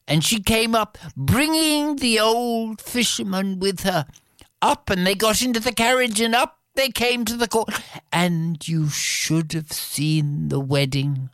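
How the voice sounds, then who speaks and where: A woman telling a fairy tale aloud in an expressive, drawn-out storytelling delivery. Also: medium pitch, no room sound, clean studio sound.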